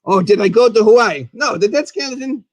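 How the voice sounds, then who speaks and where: A man hosting as a goofy, high-voiced skeleton. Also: fairly quick, dry recording. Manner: rambling, excitable, refers to himself in the third person. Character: goofy skeleton host, male, chatty and silly. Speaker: host. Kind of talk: live puppet talk show.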